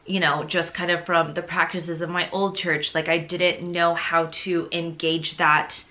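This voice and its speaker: A young woman shares her faith testimony in a low yet bright, forceful voice. She talks casually and rambles, leaning on "like" and "you know", and is openly emotional and confessional. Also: flat delivery, unhurried. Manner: chatty and rambling, heavy on fillers like "like" and "you know".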